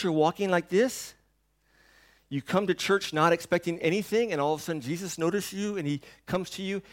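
A male pastor preaching a sermon in a church, rising to loud emphasis and then dropping to a hush, often asking the congregation rhetorical questions. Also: fairly high pitch. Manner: dynamic preaching, swings between hushed and loud.

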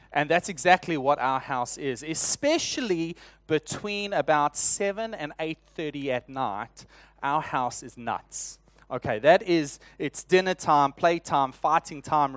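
A man's voice: on the high side, fairly bright tone, dry recording. A man in his thirties with a South African accent, a church elder giving a sermon in a friendly, humorous storytelling way with frequent restarts.

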